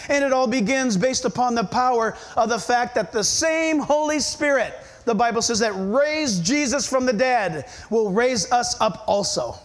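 High-voiced man preaching with emphasis. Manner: emphatic, fires rhetorical questions at listeners. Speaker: pastor. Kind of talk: sermon.

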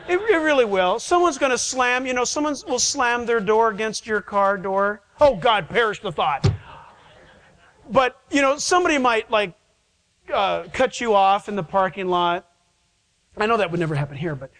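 A man's voice: high-pitched, fairly bright tone, rough recording. A male pastor preaching a sermon in a church, pleading and emphatic, with rhetorical questions to the congregation.

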